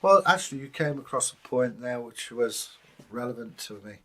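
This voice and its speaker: An Englishman in middle age chats easily as co-host, his voice sitting at an ordinary middle pitch. He spins anecdotes and drops into brief impressions along the way. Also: expressive, fairly bright tone. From England. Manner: anecdotal, slips into quick impressions. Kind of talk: casual chat.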